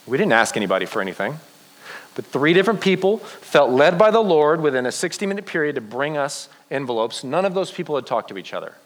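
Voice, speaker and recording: A man preaching a sermon to young people, telling a Bible story with lively acted-out quotes. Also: mid-range voice, long reverb tail. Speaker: youth pastor.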